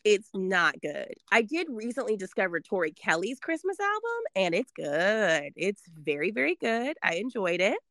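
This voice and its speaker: A woman in her thirties, hosting a casual chat, animated and laughing as she talks. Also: medium pitch, normal speed, hardly any pauses, no room sound, clean studio sound. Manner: animated, laughing, reads lyrics aloud playfully.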